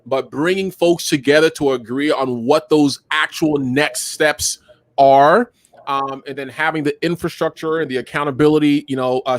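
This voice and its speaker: A man hosting a live talk show, enthusiastic and animated, speaking with lots of fillers. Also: medium pitch, no echo. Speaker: host.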